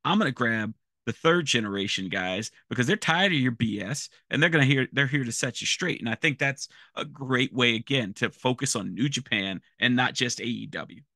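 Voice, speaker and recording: A man on a casual podcast, calmly explaining and giving his predictions. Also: medium pitch, creaky, dry recording, studio quality. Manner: measured, explanatory, some restarts. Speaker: podcast guest analyst. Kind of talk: casual wrestling chat.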